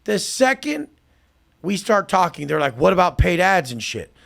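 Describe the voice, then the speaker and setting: A gravelly, fairly high male voice with a lot of pitch movement. He talks like a brash podcast guest. He swears often and mocks others while replaying his own conversations. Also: big pitch swings, normal speed, a bit bright. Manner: profane, brash, mocking, acts out both sides of conversations. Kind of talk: casual podcast talk.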